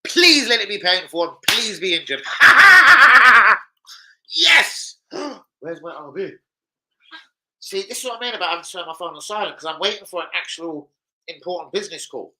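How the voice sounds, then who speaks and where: Sweary, excitable man. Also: a little high, fast. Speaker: football fan vlogger. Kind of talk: casual rant to camera.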